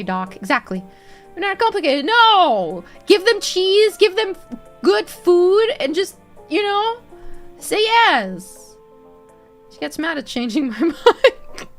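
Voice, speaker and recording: A woman streaming live and chatting casually with viewers; she giggles constantly and swears freely. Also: high voice.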